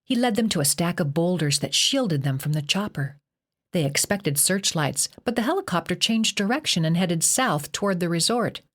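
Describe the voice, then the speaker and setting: A woman reading a horror novel aloud as an audiobook narrator, measured and expressive. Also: on the low side. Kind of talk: scripted narration.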